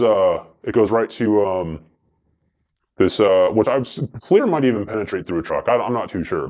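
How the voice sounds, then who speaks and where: Brief: deep-ish male guest, loose profane storyteller, slightly dull lo-fi audio. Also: a little mellow. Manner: rambling, profane, fast anecdotes with many fillers. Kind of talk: casual storytelling.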